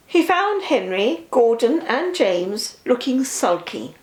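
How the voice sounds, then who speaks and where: Grandma reading a kids story, slow and lively, kinda high, echoey room. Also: female voice. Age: older. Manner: slow, expressive read-aloud.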